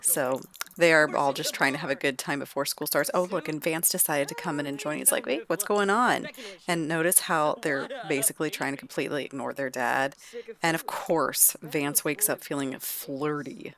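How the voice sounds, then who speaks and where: Woman gameplay narrator, lowish voice, chatty and exclaiming. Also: fairly even intonation, normal speed, a crowd in the background. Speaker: let's play narrator. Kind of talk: casual gameplay commentary.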